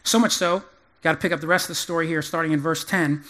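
A man preaching a sermon and explaining scripture with animated emphasis and folksy humor. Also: a little high, quick pace. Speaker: pastor.

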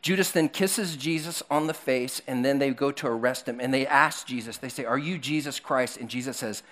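A man preaches to a congregation in a church hall, calling for slides as he goes. He tells the story in an animated way, acting out the characters in voices of their own. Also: mid-range voice, a little fast. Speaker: pastor. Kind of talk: sermon.

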